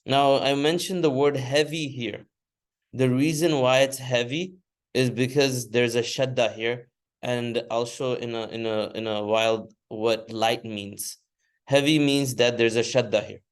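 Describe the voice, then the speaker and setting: A man's voice: mid-range voice, steady tone, measured pace. Patient male grammar teacher in class. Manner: patient, repeats terms and has students recite after him. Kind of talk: classroom lecture with recitation drills.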